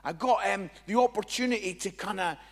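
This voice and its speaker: A Scottish man, a Christian comedian, telling a humorous testimony in an animated, jokey storytelling way. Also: sits high, brisk, big-room sound. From Scotland.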